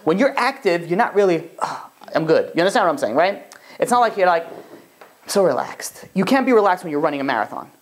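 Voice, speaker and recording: Male rabbi teaching a class, rapid and chatty, lots of "you know"s. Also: high-pitched, very animated. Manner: conversational, full of fillers, checks in with the class. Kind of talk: casual classroom lecture.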